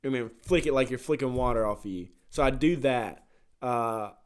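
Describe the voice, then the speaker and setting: A man's voice: medium pitch, moderate pace, clear, resonant tone. Young man explaining his routine casually. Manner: explains plainly, swears casually. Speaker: college baseball player. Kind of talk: casual chat.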